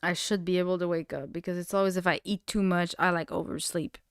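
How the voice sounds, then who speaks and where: A woman's voice: fairly low pitch, steady tone, fast, smooth, no room sound. Young woman streamer, rambly and casual, lots of "like", very clean dry sound. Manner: rambling, heavy use of "like", casual swearing. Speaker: live streamer. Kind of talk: casual late-night livestream chat.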